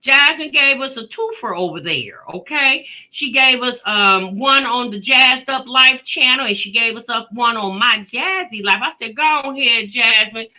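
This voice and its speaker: A woman speaking hosts a livestream, calling out viewers one by one in a loose, chatty way. Her voice sits high and swings widely in pitch, with a sharp, forceful brightness. She sounds tired after work. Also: a little slow, few pauses. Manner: greets chat viewers by name, chatty and animated. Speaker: reaction channel host. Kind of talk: casual livestream chat.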